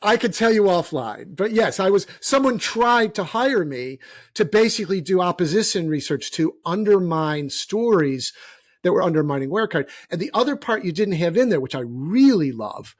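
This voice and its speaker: A man co-hosting an interview podcast in relaxed conversation. His voice sits a little high. He talks in an animated, teasing way. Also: moderate pace, no room sound, clean studio sound. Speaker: podcast co-host. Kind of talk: casual interview chat.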